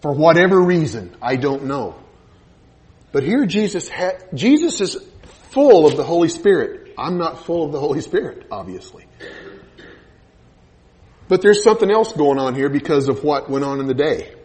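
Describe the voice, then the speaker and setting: A man's voice: a little high, big pitch swings, moderate pace, long pauses, a little mellow. A man preaching a sermon, retelling a Bible story and acting out the voices in the scene.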